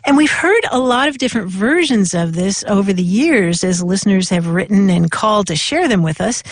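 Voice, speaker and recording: A woman's voice: mid-range voice, animated, normal speed, no echo. A woman co-hosting a radio show about language, playful, laughing often as she explains where words come from. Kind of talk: relaxed radio talk show chat. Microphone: studio microphone.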